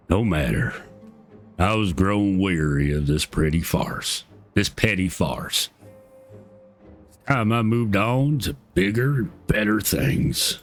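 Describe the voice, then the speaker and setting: A man doing a slow, deep-voiced big brute. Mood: sneering. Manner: low, slow, drawn-out delivery. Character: large accused man, calm then sneering villain.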